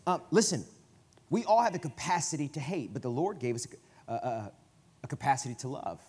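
Southern guy preaching in church, chatty, gets loud then drops real low, mid pitch. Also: animated, a little fast, slightly rough. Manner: conversational, emphatic preaching with sudden loud bursts. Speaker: guest preacher. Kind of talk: sermon. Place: church sanctuary.

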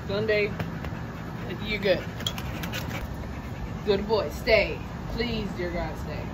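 Chatty young woman vlogging on a noisy phone. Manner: chatty, slangy, addresses viewers as y'all; breaks into high-pitched coaxing talk with her dogs. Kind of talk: casual vlog chat to viewers. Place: home and car, partly outdoors.

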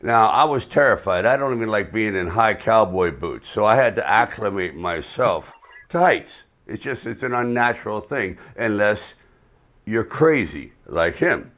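Older man with a wry, unhurried storytelling manner. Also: lowish voice. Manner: relaxed, wry, tells a story with dry humor. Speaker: actor on a press panel. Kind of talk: anecdotal storytelling. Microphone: video call.

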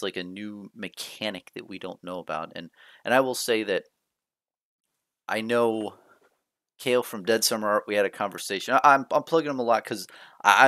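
A man excitedly sharing his thoughts on a card game in casual commentary, rambling and laughing often while keeping his voice down late at night. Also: fairly low pitch, no echo, clean studio sound. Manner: rambling and hyped, laughs often, frequent restarts. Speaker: card game video host.

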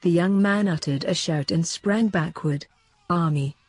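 A woman narrating an old religious book in a steady, measured voice. Her tone is dark and mellow with a husky edge. The sound is dry and close. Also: on the low side, no echo. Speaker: reader.

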